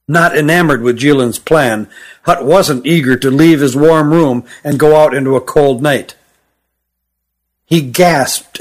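A man narrating a fantasy story in a steady, measured audiobook reading. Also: a little high.

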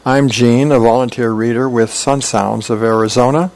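A man volunteering as a radio reader, reading newspaper comics aloud in a plain, unhurried way. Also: mid-range voice, fairly even intonation, darkish tone. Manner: plain, unhurried storytelling with small fillers.

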